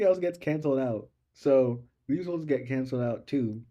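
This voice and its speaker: A man's voice: mid-range voice, normal speed, few pauses, warm tone, lo-fi sound. A young man studying calculus on a casual stream, thinking aloud and repeating his questions as he works through the problem.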